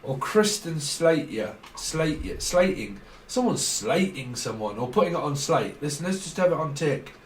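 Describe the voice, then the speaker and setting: A man gives a casual tarot reading, drifting from one loose word association to the next and laughing along the way. His voice sits a little high. The sound is roomy and echoey, picked up from a distance. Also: sing-song, normal speed, few pauses, a little hiss or hum. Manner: rambling word association, frequent laughs, trailing restarts. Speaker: tarot reader. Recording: roomy echo, mic at a distance.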